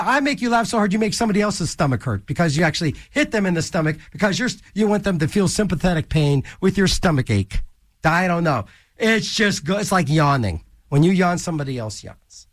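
Radio DJ, man, high lively voice, jokey and rambling, dry close studio mic. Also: no room sound. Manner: goofy, rambling, jokey asides. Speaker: college radio DJ. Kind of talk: casual radio DJ patter.

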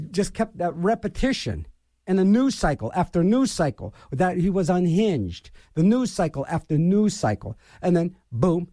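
A man's voice: sits high, darkish tone, no echo, clean studio sound. A middle-aged man hosting a radio show and delivering an opinionated political rant, scornful and repeating his phrases for emphasis.

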